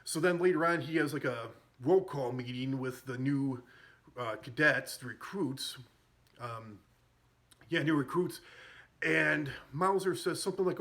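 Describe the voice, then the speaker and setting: Brief: chatty man recapping a film, somewhat high voice, meandering and amused. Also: unhurried, fairly bright tone. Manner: rambling, amused, full of fillers and self-corrections. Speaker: movie reviewer. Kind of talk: casual movie recap.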